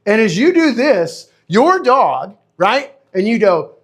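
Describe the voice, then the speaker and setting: A man teaching as a dog trainer in a live online class, animated and conversational, often checking in with his listeners and answering viewers by name. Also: high-pitched, takes it slowly. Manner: replies to viewers' comments by name.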